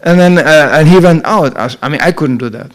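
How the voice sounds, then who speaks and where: Animated man telling a story. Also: on the high side, fairly quick. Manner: animated storytelling, acting out voices and laughing. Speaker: monk giving a talk. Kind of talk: anecdotal spiritual talk.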